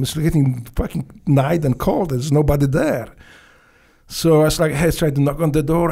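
A Polish-born man tells his stories with a thick Polish accent and broken English grammar. His voice is gravelly and dark. He swears freely and acts out the dialogue as he goes. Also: on the high side, moderate pace. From Poland. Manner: profane, animated storytelling with non-native grammar. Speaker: guest. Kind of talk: casual storytelling.

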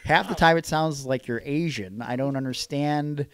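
A man's voice: a little high, normal speed, a bit bright, slight background noise. A man hosting a podcast in casual chat, teasing his co-host with mock outrage.

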